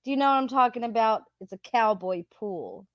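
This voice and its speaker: A woman's voice: on the high side, animated, a little fast, no room sound, highs cut off. A woman hosting a livestream, chatting casually, greeting viewers by name and swearing freely. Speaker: livestream host. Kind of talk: casual livestream chat reading viewer comments.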